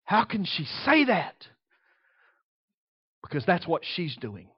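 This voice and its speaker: A man preaching a sermon in an emphatic way, swinging between soft and loud. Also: a little high, big pitch swings, takes it slowly, long pauses, breathy edge, no room sound, muffled recording.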